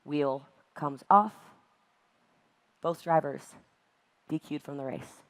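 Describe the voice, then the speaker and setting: A woman giving an emphatic, animated motivational talk at a virtual event. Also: low-pitched, slow. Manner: emphatic and animated, acts out exasperated voices. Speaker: network marketing speaker.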